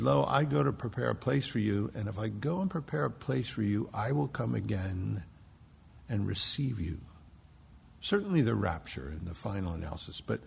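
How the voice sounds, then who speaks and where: Gravelly preacher in a reverberant hall. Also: male voice, lowish voice, slight background noise. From Philadelphia. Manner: emphatic preaching, swings from hushed to loud. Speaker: pastor. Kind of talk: sermon.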